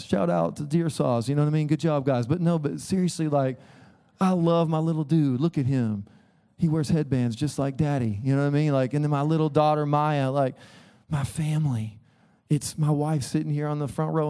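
Man in his 30s, pastor, conversational sermon, a touch high, soft dark tone. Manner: earnest, conversational preaching with frequent "listen". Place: church sanctuary.

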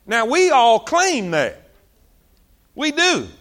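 Male preacher, very high bright voice, animated sermon delivery. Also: slow pace. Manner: animated, drawls and stretches words for emphasis.

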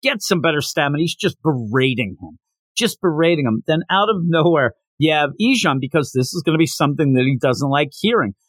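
A man hosting a podcast, talking through a manga in a chatty, opinionated way as he recaps scenes. His voice is a little higher than most men's. The sound is dry and close, with no room. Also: expressive, a little fast, slightly rough, no room sound. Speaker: podcast host reviewing manga. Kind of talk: casual review commentary.

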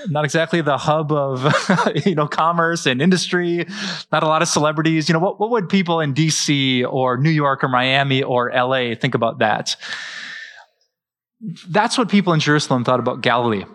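A middle-aged man, preaching a sermon as pastor in a lively, joking way. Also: on the high side, moderate pace. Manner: lively, joking, with frequent laughs.

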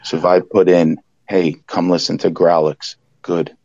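A man calling in to a live podcast, talking in a hushed, laid-back, halting way. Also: low voice, little pitch movement, no room sound, muffled recording. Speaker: caller. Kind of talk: casual call-in chat.

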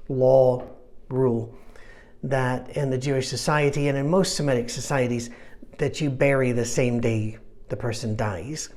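A man's voice: medium pitch, darkish tone. A middle-aged man preaching a sermon in a conversational way, with self-deprecating asides. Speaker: pastor.

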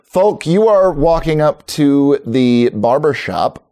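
A man narrating a tabletop game as game master, describing scenes in a relaxed, rambling way. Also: on the high side, slow pace, smooth.

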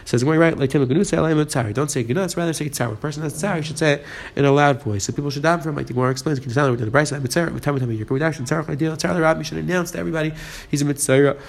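A man's voice: a little high, very fast, gravelly. A man teaching a Talmud page, reading the Aramaic and explaining it in English.

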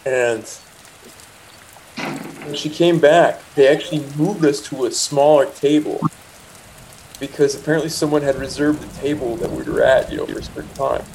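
A man's voice: fairly high pitch, steady tone, normal speed, long pauses, a little mellow, slight background noise, poor audio. A young man casually telling a personal anecdote, rambling with restarts and asides and quoting himself and others. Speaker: storyteller.

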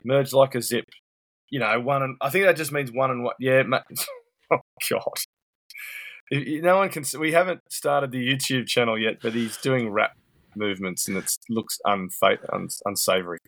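A man's voice: mid-range voice, moderate pace, fairly bright tone. A man co-hosting a casual podcast over a video call, blunt, sweary and rambling. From New Zealand. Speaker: podcast co-host. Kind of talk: casual banter.

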